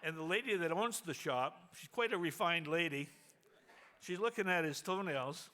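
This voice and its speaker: A man speaking at a memorial who tells a humorous anecdote with animated storytelling and laughs along as he goes. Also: on the high side, normal speed.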